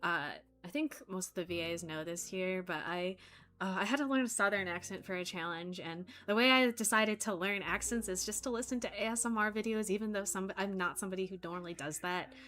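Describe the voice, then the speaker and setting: A woman's voice: medium pitch, fairly quick, fairly bright tone. A woman chatting casually with fellow voice actors on a voice call, gushing with praise and full of fillers. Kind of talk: casual chat among voice actors.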